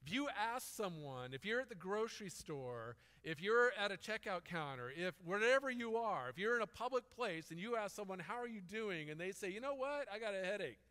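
A man's voice: high-pitched, very animated, brisk, hardly any pauses, fairly bright tone, clean tone, long reverb tail. A man preaching a sermon in a conversational, storytelling way. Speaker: pastor.

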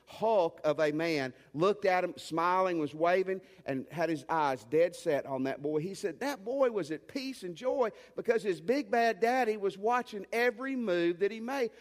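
Male pastor, high pitch, emphatic sermon delivery with homespun asides; recorded in a church with long reverb. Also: normal speed, hardly any pauses. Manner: emphatic preaching with rising commands and folksy asides.

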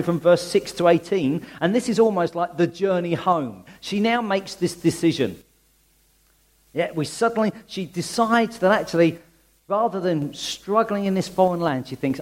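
A man preaching a conversational sermon in a church, full of rhetorical questions and quick restarts. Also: on the high side, a little mellow.

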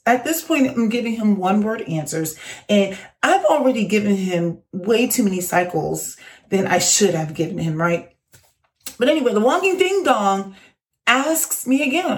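A woman's voice: mid-range voice, normal speed. A young woman casually telling an exasperated workplace story to her channel, acting out the voices of the people in it. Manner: animated, exasperated, acts out quoted voices.

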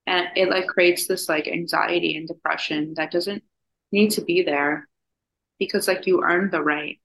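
A young woman co-hosting a podcast, rambling casually with lots of "like" and animated storytelling. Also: on the low side, moderate pace, gravelly, low-quality recording. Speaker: podcast co-host. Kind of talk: casual chat.

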